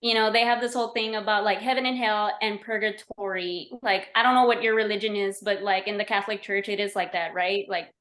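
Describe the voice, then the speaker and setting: A woman appearing as a podcast guest chats casually, explaining things with lots of "like" and "you know." Her mid-range voice is steady, a little fast, and a bit bright, with hardly any pauses, on a roomy, echoey remote recording.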